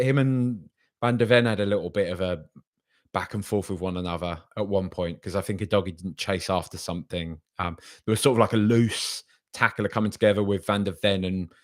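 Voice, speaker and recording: A man's voice: lowish voice, a little fast. A man hosting a casual podcast stream. He reads out viewer comments and rambles with hesitations, then argues back in an exasperated way. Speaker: podcast host.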